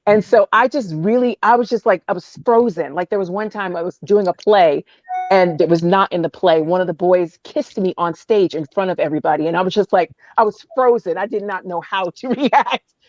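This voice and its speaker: A woman from Oakland in her thirties tells a personal story in a casual, animated way. She laughs often and pitches her voice up to act out what she said. The sound is dry and a bit dull. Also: fairly quick, no room sound. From Oakland, California. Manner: animated, laughs often, acts out quotes in a high voice. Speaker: podcast guest.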